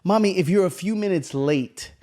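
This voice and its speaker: A man in his thirties co-hosting a podcast, telling animated, profanity-laced stories and acting out the voices in them. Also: high voice, moderate pace. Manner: animated, swears a lot, acts out voices in stories. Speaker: podcast co-host. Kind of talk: casual storytelling chat.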